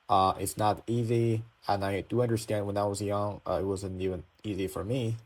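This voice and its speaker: A man's voice: on the low side, steady tone, normal speed. A man from China with a Chinese accent, a native Chinese speaker teaching a pronunciation lesson and patiently repeating sounds to demonstrate them. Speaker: language teacher.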